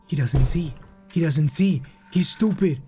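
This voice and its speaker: A young Mexican man with a Mexican accent hosts a horror game playthrough over music, his voice a little high and a little slow. He's jumpy, swears, switches languages, and shrieks when startled in this excitable gameplay commentary.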